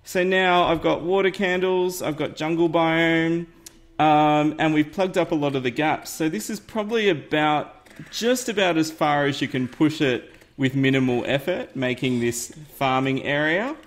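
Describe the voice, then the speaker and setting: A man's voice: fairly high pitch, moderate pace. A man hosting a casual game tutorial, chatty and upbeat, often laughing at himself. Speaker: gaming YouTuber host. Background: faint game music.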